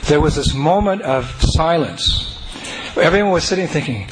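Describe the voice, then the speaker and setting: Lively guy, kinda high voice, telling a devotional story, chants and whoops, noisy audio. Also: moderate pace. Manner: animated, breaks into chanting and joyful shouts. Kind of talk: personal anecdote to an audience. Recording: noisy recording.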